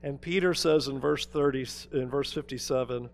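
A man preaching a sermon. He tells the story dramatically, moving between emphatic passages and hushed ones. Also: mid-range voice, normal speed, gravelly. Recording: long reverb of a large hall.

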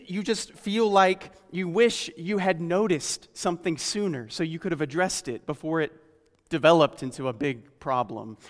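A man delivers a sermon in a fairly high voice, earnest and searching as he asks his listeners questions. He slows right down whenever he reads scripture aloud. His voice carries a long reverb, as if filling a large hall. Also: a bit bright. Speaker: preacher.

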